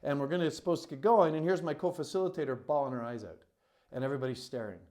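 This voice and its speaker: A man's voice: on the high side, fast talker, mellow. A man who works as a coach and retreat facilitator tells a personal story to camera in an earnest, emphatic, heartfelt way, with many "you know" fillers.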